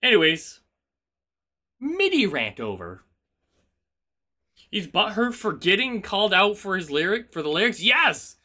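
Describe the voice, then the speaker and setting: A male streamer rambles and teases his chat while he plays, with a high voice and a bright, sharp tone. His talk is loose and animated, full of restarts and playful jabs. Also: measured pace, long pauses. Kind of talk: casual game-stream chat.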